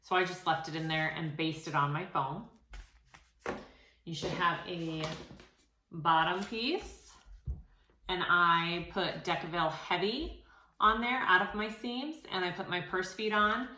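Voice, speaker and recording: Woman host, chatty and encouraging, bright tone, recorded in an echoey room. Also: lowish voice, unhurried, pauses often, a little hiss or hum. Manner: chatty, encouraging, frequent fillers. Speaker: sewing tutorial host. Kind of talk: casual tutorial talk.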